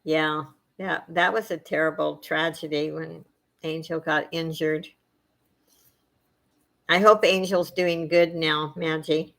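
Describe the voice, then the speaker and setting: A middle-aged woman hosting a casual chat with her viewers, soft-spoken and emotional, wandering from thought to thought with many fillers. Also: low-pitched, steady tone, takes it slowly, gravelly, pauses often. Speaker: channel host chatting with viewers.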